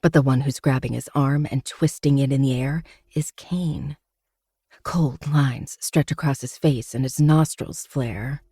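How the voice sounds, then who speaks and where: A woman's voice: rumbling low, unhurried, warm tone, breathy edge, no room sound, clean studio sound. A woman narrating a first-person novel with dramatic storytelling.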